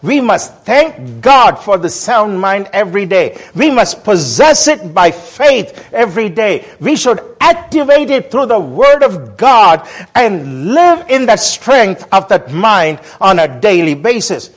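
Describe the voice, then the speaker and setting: A man's voice: high voice, very animated, slow. A man preaching as a guest speaker, emphatic and rousing, calling on the congregation to repeat after him. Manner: emphatic call-and-response preaching. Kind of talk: sermon.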